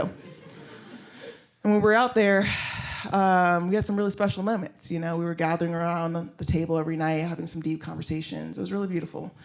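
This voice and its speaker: At a comedy show, a man with a slightly high, creaky voice and steady tone runs through his stand-up a little fast. He's blunt and self-mocking, swears openly, and speaks straight to the audience.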